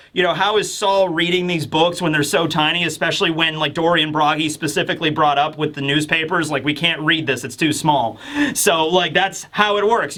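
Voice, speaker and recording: Man, comic review host, casual rambling, lots of fillers, bright tone. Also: fairly high pitch. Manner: rambling, filler-heavy, breaks into quick voices for characters.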